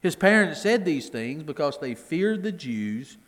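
A man's voice: a little high, big pitch swings, a little slow, in a large hall. A middle-aged man teaching a Bible class in a conversational way, often repeating his words as he explains the reading. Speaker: preacher.

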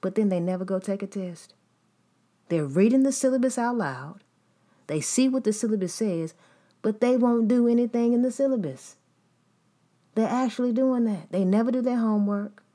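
A woman's voice: a little high, lively intonation, moderate pace, dark tone. Woman preaching in emphatic repetition. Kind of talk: sermon.

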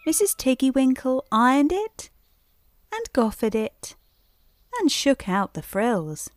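A woman reads a bedtime story in a gentle, unhurried way. Her voice moves up and down with a lively melody. The recording is close and dry. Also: high voice, no echo.

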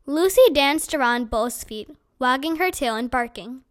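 A woman reading a children's chapter book aloud in a clear, expressive storytelling manner. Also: high voice, unhurried, few pauses.

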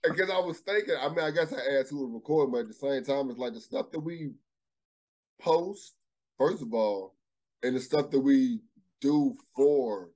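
A man in casual podcast chat, thinking out loud in a reflective, halting way. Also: mid-range voice, expressive, low-quality recording. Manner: reflective, halting, restarts his thoughts.

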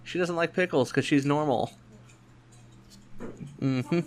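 A young man hosting a podcast, telling a work story in a quick, animated way and acting out other people's lines. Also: on the high side, slight background noise. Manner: quick, animated anecdote-telling with voiced quotes. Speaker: podcast host. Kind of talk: casual storytelling chat.

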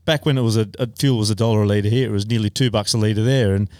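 A man's voice: lowish voice, fairly even intonation, quick pace, darkish tone, no echo, studio quality. A man chatting casually on a podcast, telling riding stories and laughing often. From Australia. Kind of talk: casual chat.

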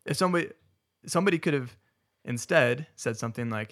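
A man's voice: medium pitch, animated, fast, a bit bright. Rambling, self-correcting man in chat. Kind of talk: casual podcast discussion.

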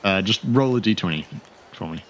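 A man's voice: lowish voice, animated, fairly quick. A young man running a tabletop game as game master, describing scenes in a rambling way with many fillers.

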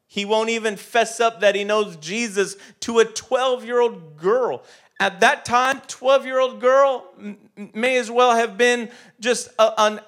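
A middle-aged man giving a conversational sermon, emphatic, swinging between loud urging and soft confiding. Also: very high-pitched. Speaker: preacher.

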